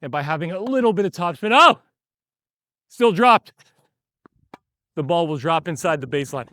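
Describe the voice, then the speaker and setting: A man's voice: fairly high pitch, lively intonation, rapid-fire, dry recording. A man teaching tennis while he rallies on a court, a bit out of breath, explaining in short bursts between shots. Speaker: tennis coach.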